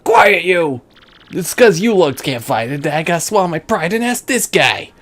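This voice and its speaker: A woman voicing a gruff, menacing middle-aged male mob boss in a video game, with slangy tough-guy talk and drawling pauses. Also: lowish voice, sing-song, pitched above the performer's own voice.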